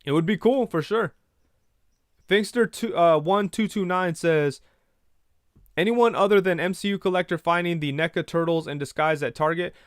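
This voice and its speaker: A man's voice: high voice, moderate pace, no room sound, studio quality. A man hosting a casual livestream, reading viewer comments and telling rambling stories with quoted back-and-forth. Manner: rambling storyteller, retells conversations in quoted voices. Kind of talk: casual chat.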